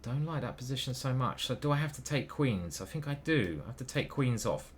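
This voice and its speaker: A man's voice: mid-range voice, fairly quick, a little hiss or hum. A man thinking aloud as he plays online chess, muttering moves and questioning himself. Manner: muttering move by move, hesitant self-questioning. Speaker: chess grandmaster commentating his own games.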